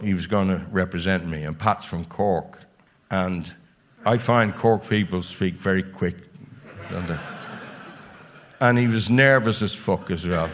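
Male storyteller, live-show anecdote, relaxed comic delivery. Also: on the low side, slight background noise. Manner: animated, swearing, comic timing. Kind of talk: anecdote told on stage. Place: live venue with audience.

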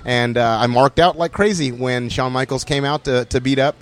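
A man co-hosting a podcast in casual chat, jokey and excitable, laughing often, at a wrestling fan event. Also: medium pitch, normal speed. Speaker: podcast co-host.

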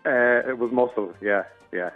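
A man's voice: medium pitch, normal speed, narrow, tinny audio, soft background music. A man calling in to a radio show, giving short, jokey answers with chuckles. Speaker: caller. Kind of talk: phone-in chat.

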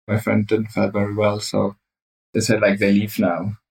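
A man with a German accent, English not his first language, tells his side of the story at a hesitant pace, stopping often to find his words. His voice sits a little low. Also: completely flat delivery, moderate pace, creaky, a little mellow, poor audio. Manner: hesitant, searching for words, many fillers. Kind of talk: casual storytelling.

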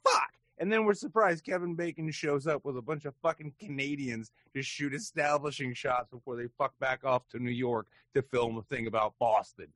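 A man co-hosting a podcast in casual chat, ranting with animated, profane bursts that sometimes break into shouting. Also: mid-range voice, moderate pace, few pauses, no room sound. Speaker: podcast co-host.

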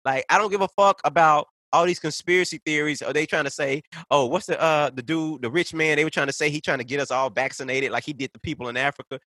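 A man's voice: on the high side, fairly even intonation, fast, few pauses, bright, forceful tone, no room sound. A man ranting in casual conversation, heated and profane, piling up point after point. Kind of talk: casual podcast rant.

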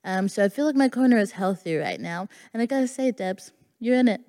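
A woman's voice: medium pitch, expressive, brisk, mellow. A woman co-hosting a live comedy podcast on stage, cracking sassy jokes. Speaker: guest co-host. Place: live stage in a concert hall. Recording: reverb of a live concert hall.

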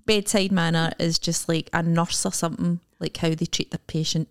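A woman's voice: on the low side, flat delivery, moderate pace. A young Scottish woman co-hosting a casual podcast, rambling and acting out little bits of dialogue. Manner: rambling, acts out quoted dialogue. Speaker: podcast co-host. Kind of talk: casual chat.

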